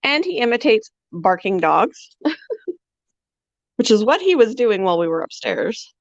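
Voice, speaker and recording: In a sing-song, somewhat high and gravelly voice, a pet channel host speaks a little slowly as she walks around her home's animal cages. She is chatty and laughs a lot, and the dry, dull lo-fi audio has no room sound.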